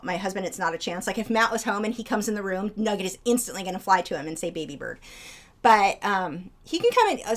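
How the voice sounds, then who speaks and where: A young woman chatting casually on a live stream, rambling between topics and breaking into a high baby voice for her pet birds. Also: a bit bright. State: out of breath.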